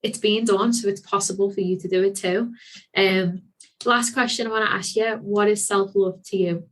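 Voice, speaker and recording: A woman's voice: mid-range voice, steady tone, normal speed. Enthusiastic Scouse woman podcast host. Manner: enthusiastic, effusive. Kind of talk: casual interview chat.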